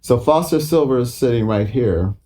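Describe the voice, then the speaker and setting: A man's voice: medium pitch, moderate pace. A man in his sixties telling casual, profane stories as an interview guest, acting out the voices of people in his stories. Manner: profane, animated, acts out others' voices. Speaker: guitarist guest.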